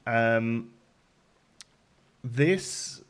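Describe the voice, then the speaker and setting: A man's voice: mid-range voice, lively intonation, drawn-out words, clear, resonant tone. A man hosting a casual live stream, greeting viewers by name and rambling with ums while out of breath.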